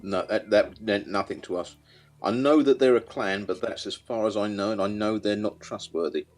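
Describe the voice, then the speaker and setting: A man's voice: fairly low pitch, moderate pace, soft background music. A man playing in a tabletop game, joking around with the group. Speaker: player.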